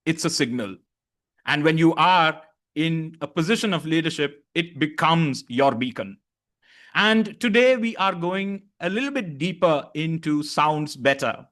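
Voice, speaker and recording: A man's voice: fairly high pitch, fairly bright tone. A man leading an online master class on voice, demonstrating tones and encouraging participants. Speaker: voice coach.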